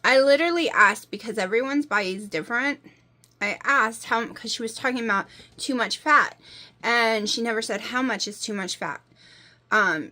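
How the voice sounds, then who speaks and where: A woman's voice: medium pitch, bright, forceful tone. A woman, talking casually to camera in a rambling, exasperated, emphatic way. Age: 40s. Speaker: vlogger.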